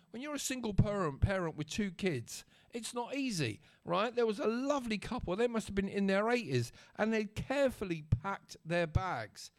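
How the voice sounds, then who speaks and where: Guy ranting on his vlog, sarcastic, keeps going "right?", voice a bit on the high side. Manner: chatty and sarcastic, checks in with the listener. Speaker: vlogger. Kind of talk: casual storytelling rant.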